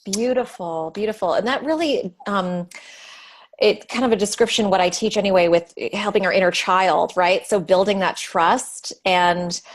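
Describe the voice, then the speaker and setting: A woman with a mid-range voice hosts a conversational interview. She affirms her guest warmly with short encouraging replies. Then she expands on her own teaching in a relaxed, talkative way. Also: medium pitch, normal speed. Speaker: interview host.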